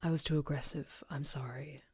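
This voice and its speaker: A woman voicing a powerful, possessive female orc warrior in a whispered role-play, murmuring and often breathy. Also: low-pitched, fairly even intonation, a little fast, darkish tone, no echo. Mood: worried, soothing. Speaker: ASMR storyteller.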